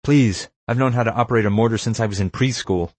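A man's voice: lowish voice, fast talker, slightly rough, no room sound, pitched above the performer's own voice. A man voicing a cool, bossy young female spy trainee who speaks in clipped commands. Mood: curt.

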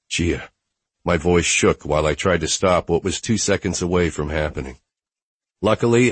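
A man narrating a first-person audiobook in a low, intimate storytelling manner on a close mic. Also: husky, dry recording.

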